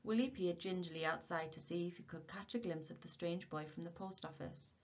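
A woman's voice: on the low side, brisk. Woman teacher reading aloud. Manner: steady, expressive storytelling. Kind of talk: reading a novel aloud to a class. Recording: dull lo-fi recording.

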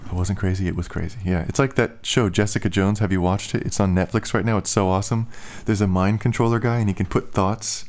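A man's voice: on the low side, fairly even intonation, quick pace, few pauses, darkish tone. A young man rambling casually in a vlog, with slightly slurred speech and lots of filler "like"s. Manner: loose, filler-heavy talk with "like". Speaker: musician and vlogger.

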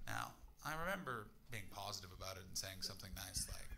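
A young man from Canada doing a brash stand-up set, muttering asides and then shouting at the crowd. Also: sits low, quick pace, vocal fry, hardly any pauses, heavy background noise. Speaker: stand-up comedian. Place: comedy club in front of a laughing audience.

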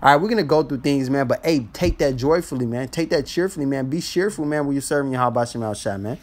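A man's voice: medium pitch, fast. Man preaching scripture, slang-heavy and blunt. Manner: casual, ends nearly every phrase with "man"; blunt and profane when exhorting. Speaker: scripture teacher. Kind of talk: street-style Bible teaching.

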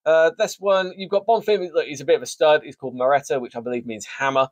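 A man's voice: on the high side, fast talker, no room sound. A man hosting a sports show, casually previewing a fight card with jokey, rambling, self-mocking asides. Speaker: sports podcast host.

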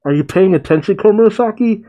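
A man's voice: sits high, fast talker, phone-quality sound, pitched above the performer's own voice, natural voice. A man voicing a trapped, indignant male tyrant who sputters out demands.

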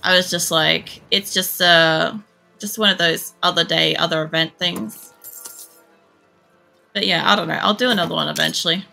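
A woman streamer giving casual, chatty gameplay commentary, swearing freely as she thinks out loud. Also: lowish voice, fairly even intonation, normal speed, creaky, faint music behind. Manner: chatty and profane, thinking aloud. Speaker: game streamer.

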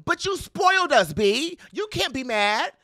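Sassy, high, lively-voiced man. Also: no echo, clean studio sound. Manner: sassy, dramatic, playful with quick laughs and mock quotes. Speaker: pop culture commentator. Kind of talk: animated casual commentary to camera.

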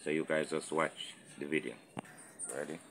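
Very deep-voiced Jamaican man cooking outdoors. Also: normal speed, creaky, noisy background. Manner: relaxed patois-flavoured talk to viewers. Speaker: cooking channel host. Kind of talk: casual cooking vlog. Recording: sizzling pots and clatter behind. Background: frying sizzle and pot clatter.

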